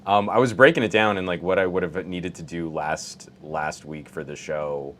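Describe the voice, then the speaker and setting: A man's voice: low voice, moderate pace, fairly bright tone. A man co-hosting a tech podcast over a remote call, speaking with a radio announcer delivery. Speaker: podcast co-host. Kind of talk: casual tech podcast chat.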